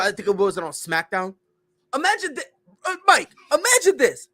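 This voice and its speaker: A man's voice: high-pitched, huge pitch swings, normal speed, pushed and bright. A man hosting a casual sports podcast, ranting and joking about wrestling and basketball. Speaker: podcast host.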